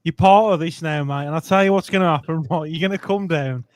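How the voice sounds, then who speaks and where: A man hosts a football fan channel in an easy, matey way, coaxing and friendly in tone. His voice sits a little high and the recording is close and dry. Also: quick pace, no echo. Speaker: channel host. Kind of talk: casual football chat.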